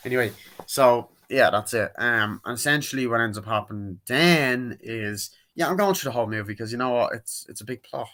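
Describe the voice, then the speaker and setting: A man's voice: medium pitch, fairly quick, fairly bright tone. A man giving a casual, rambling movie review, full of fillers, jokes and swearing. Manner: rambling, profane and jokey, many fillers.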